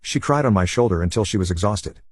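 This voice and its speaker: A man narrating online stories in an even, unhurried reading voice. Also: fairly low pitch, husky, no room sound, clean studio sound.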